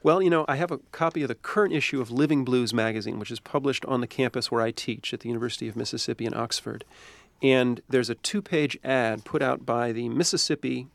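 A man's voice: mid-range voice, quick pace, creaky, no echo. A man, a university professor, answering interview questions in a thoughtful, discursive way.

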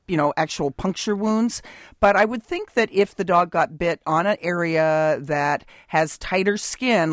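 A woman's voice: fairly low pitch, no echo, studio quality. A woman veterinarian giving advice on a call-in radio show, explaining patiently with frequent ums and restarts. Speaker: veterinarian guest. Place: radio studio.

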